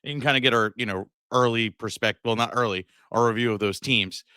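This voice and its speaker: A man's voice: medium pitch, fast, bright, forceful tone, clear, resonant tone, no room sound, studio quality. A man co-hosting a sports podcast in loose, joking casual chat with plenty of fillers. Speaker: podcast co-host.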